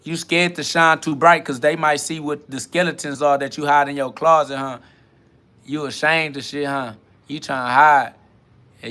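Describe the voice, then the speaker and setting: A man delivering a podcast sermon-rant with a bright, forceful edge to his voice and a pitch that sits a little above most men. He mocks and curses at his doubters and jumps between rapid-fire bursts and slow, stretched emphasis. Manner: combative, mocking, profane, preachy. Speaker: podcast host. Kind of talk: self-talk podcast monologue, preaching.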